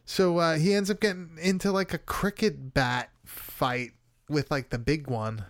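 A man's voice: on the high side, fairly even intonation, unhurried, no room sound, studio quality. A young man casually recapping a film on a podcast, laughing often, swearing and filling his talk with "like". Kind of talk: casual profane chat.

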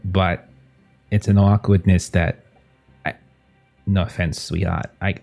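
A man's voice: low voice, little pitch movement, slow, vocal fry, darkish tone, faint music behind, pitched below the performer's own voice, heavily acted. A man voicing a fussy, passive-aggressive middle-aged aunt on the phone in a tabletop game. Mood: judgmental.

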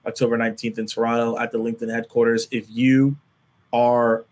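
A man being interviewed as a guest, speaking in a relaxed, casual way with frequent "like" fillers. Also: mid-range voice, fairly quick. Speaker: guest, sales content creator.

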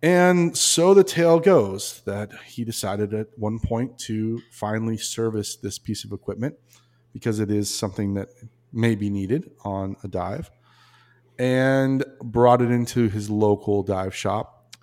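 A man hosting a podcast, telling stories in a relaxed, rambling way. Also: on the low side, a little slow. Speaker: podcast host. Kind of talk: casual storytelling chat.

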